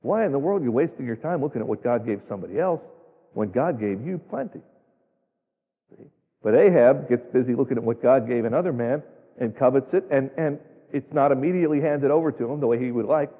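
Folksy, emphatic male preacher, husky, heard through a long church echo. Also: mid-range voice, lively intonation, fairly quick. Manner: folksy, emphatic, rhetorical questions. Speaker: pastor. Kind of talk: sermon. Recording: tinny phone-like sound, long hall reverb.

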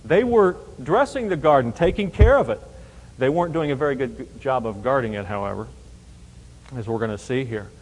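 A man's voice: medium pitch, animated, normal speed, darkish tone. Man teaching scripture in a reverberant hall. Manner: emphatic, explains verse by verse with rhetorical questions. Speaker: Bible teacher. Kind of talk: Bible teaching sermon.

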